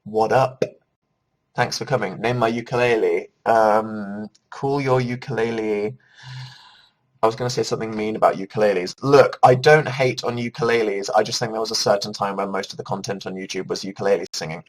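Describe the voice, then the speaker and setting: A man hosts a casual livestream, rambling, joking at his own expense and reading out viewer comments. His lowish voice holds a steady tone at a slightly fast pace, on a rough recording.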